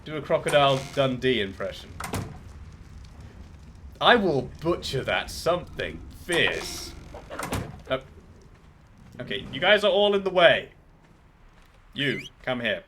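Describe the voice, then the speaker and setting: Lively, chatty male game streamer. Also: mid-range voice, takes it slowly, long pauses, a little hiss or hum. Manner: chatty, rambling, goes off on trivia tangents. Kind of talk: casual gameplay commentary.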